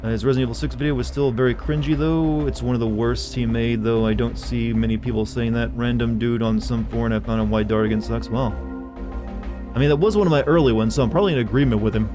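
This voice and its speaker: Male streamer, casual live commentary, quick and self-deprecating, music underneath. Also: medium pitch, steady tone.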